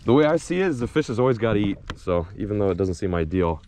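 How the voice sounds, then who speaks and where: A young man vlogging while fishing outdoors in winter, talking excitedly to the camera as he reels in fish. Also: fairly low pitch, quick pace, noisy background. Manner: excitable, exclaiming and laughing while reeling in fish. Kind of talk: casual on-camera fishing commentary.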